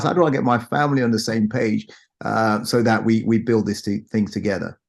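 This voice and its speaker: A man's voice: fairly low pitch, moderate pace, gravelly. A man hosting a business interview show, encouraging his guest, summing up his points and asking the next question. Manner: encouraging, laughs along, sums up points. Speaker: podcast host.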